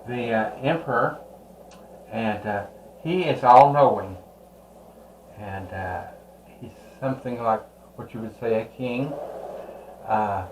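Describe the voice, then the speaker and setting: Male tarot reader, mid-pitched, rambling and halting delivery, recorded in an echoey room. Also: darkish tone. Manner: slow, rambling, with many "uh" pauses. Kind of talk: unhurried tarot card reading.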